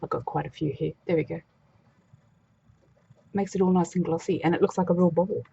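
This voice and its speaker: Chatty woman, low and gravelly. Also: fairly even intonation, brisk, warm tone, dull audio, a little hiss or hum. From Australia. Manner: chatty, thinking aloud while working. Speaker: craft demonstrator. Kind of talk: casual crafting tutorial.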